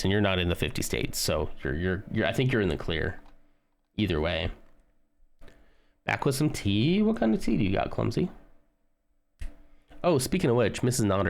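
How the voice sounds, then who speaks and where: On a live stream, a man with a voice on the low side chats casually with viewers while building a model kit. He rambles and hums tunes as he works.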